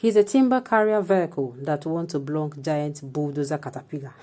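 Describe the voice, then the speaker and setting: Nigerian woman reading news commentary, lowish voice, steady delivery. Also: fairly quick, hardly any pauses.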